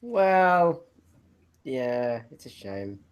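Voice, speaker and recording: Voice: mid-range voice, very animated, drawn-out words, a little mellow, clear, resonant tone. Distant voice chiming in briefly. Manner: brief interjections and agreement. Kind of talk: casual chat.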